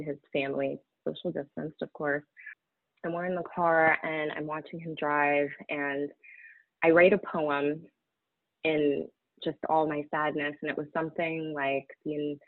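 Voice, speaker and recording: A woman speaking candidly in an interview, halting and emotional, close to tears at times. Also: low-pitched, no echo. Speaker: guest sharing a personal story. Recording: tinny phone-like audio.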